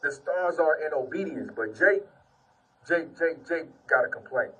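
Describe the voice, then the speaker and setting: A man's voice: mid-range voice, measured pace, fairly bright tone, slightly rough, distant mic, rough recording. A man giving an informal sermon and testimony, reading scripture and preaching earnestly, repeating "man" often while sitting on the ground. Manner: earnest, repetitive, peppers speech with "man".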